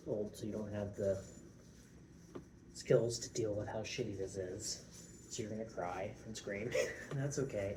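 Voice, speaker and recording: A very tired young man rambles through a casual vlog, swearing freely and poking fun at himself. His voice sits a little low, and there is clear room noise under it. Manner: tired, self-mocking and profane, with many restarts. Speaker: vlogger.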